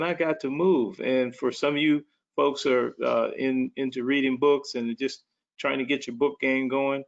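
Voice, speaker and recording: Gravelly, animated man hosting a webinar. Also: medium pitch. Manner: folksy and animated, calls listeners "man" and "baby". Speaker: webinar host. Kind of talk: energetic motivational talk. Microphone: video call. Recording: dull lo-fi call audio.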